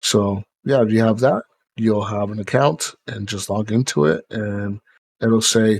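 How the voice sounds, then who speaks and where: A man's voice: fairly low pitch, fairly even intonation, a little slow, vocal fry. Rambling, swearing male podcast host. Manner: rambling, swears, many fillers. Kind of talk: casual chat.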